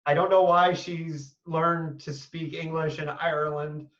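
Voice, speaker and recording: A man hosting a casual panel discussion, talking in an animated, emphatic way with quick asides. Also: a little high, roomy sound, far from the mic, highs cut off. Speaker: podcast host.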